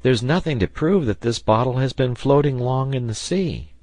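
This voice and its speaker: An earnest young lad, voiced by a man reading an audiobook, lifted above the reader's own low voice. He sounds keen and sincere. The sound is dry. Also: animated, moderate pace, darkish tone, no room sound, close to an everyday voice. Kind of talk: audiobook character voice.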